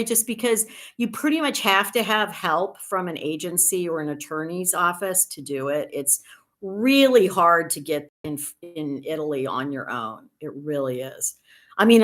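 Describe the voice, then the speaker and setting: A woman in her sixties with a slightly low voice, hosting a relaxed livestream. She talks in a rambling, chatty way, answers viewer comments as they arrive and drops in dry, self-deprecating humor. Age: 60s. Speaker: livestream host.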